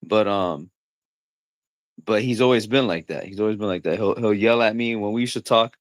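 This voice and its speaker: A man's voice: fairly low pitch, moderate pace, dry recording. A man hosting a casual livestream chat, joking around, laughing things off and acting out the voices of people he quotes. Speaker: livestream host.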